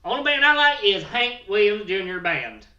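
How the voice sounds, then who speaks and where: Man playing a crude redneck, high voice, very bright, rambling, boastful, roomy echo. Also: big pitch swings, normal speed, distant mic, dull audio, exaggerated voice. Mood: blustering.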